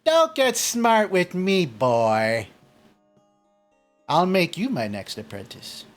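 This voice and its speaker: A man voicing a grumpy male wizard who keeps apprentices, talking in a gruff, threatening way. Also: high-pitched, very animated, takes it slowly, soft background music, voice pushed up, exaggerated voice.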